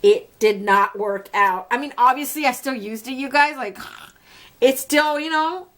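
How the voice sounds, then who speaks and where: A woman's voice: sits high, unhurried, fairly bright tone. Chatty, candid woman vlogger. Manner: chatty, candid, laughs often, mild swearing. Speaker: beauty vlogger. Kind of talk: casual makeup review.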